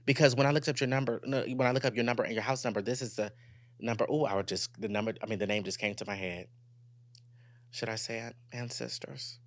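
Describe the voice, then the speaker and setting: Young man, podcast host, candid and profane storytelling, swings from loud to hushed, dry close sound. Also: mid-range voice, quick pace, dry recording. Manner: animated, candid and profane, addresses listeners directly.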